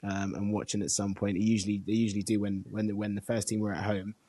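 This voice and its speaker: A laid-back man with a lowish voice tells a sweary football story on a podcast. The sound is dry and close, with no room. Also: level tone, fast, warm tone, breathy edge, no echo. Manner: laid-back, sweary, with short backchannel replies. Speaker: podcast co-host. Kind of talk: casual storytelling chat.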